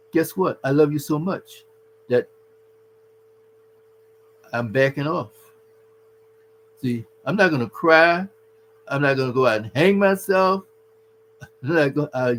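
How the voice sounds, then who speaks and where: A man's voice: on the high side, expressive, slow, pauses often, a bit bright, slight background noise, poor audio. A man giving earnest, preachy relationship advice to husbands, calling the listener his brother. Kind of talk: casual advice talk.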